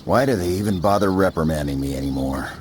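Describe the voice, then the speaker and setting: Guy doing a jaded squadron captain, super deep voice, blunt and cynical, bit of hiss. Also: fast talker, close to an everyday voice. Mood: gruff. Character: gruff jaded male fighter squadron captain. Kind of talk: game cutscene dialogue.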